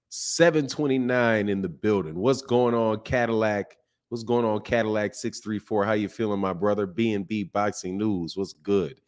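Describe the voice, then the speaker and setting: A middle-aged man hosting a boxing live stream, chatting casually with viewers while he keeps his slightly strained voice soft. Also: lowish voice, moderate pace. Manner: greets chat viewers by name, loose and joking. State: slightly strained voice, speaking softly. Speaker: boxing channel host.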